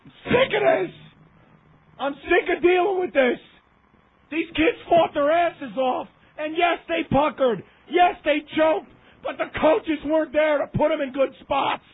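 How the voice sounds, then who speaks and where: Impassioned high-voiced man on a phone line. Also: unhurried. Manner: heated, emphatic, repeats himself for effect. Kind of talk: impassioned sports rant.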